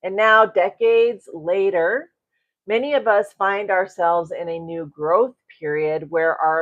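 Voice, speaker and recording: A woman's voice: mid-range voice, lo-fi sound. A middle-aged woman coaching a live-streamed self-development class, greeting viewers and often tagging her points with "right?" and a chuckle.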